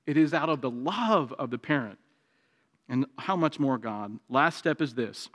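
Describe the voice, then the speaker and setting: A man preaching a sermon, moving between raised, emphatic passages and quiet, confiding stretches. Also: animated, normal speed. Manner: preaching with swings from raised intensity to quiet, low confiding tones. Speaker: pastor. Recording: long hall reverb.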